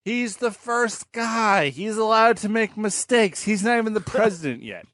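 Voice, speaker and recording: A man's voice: sits high, expressive, a little slow, a bit bright, no echo, studio quality. A man trading sarcastic wisecracks as a co-host on a comedy podcast. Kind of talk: casual comedic podcast banter.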